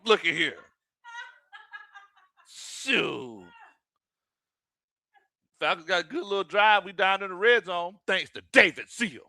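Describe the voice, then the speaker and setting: A man hosting live watch-party commentary, excitable and often shouting and laughing. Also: high voice, slow, vocal fry, pauses often, no room sound, studio quality. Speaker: sports livestream host.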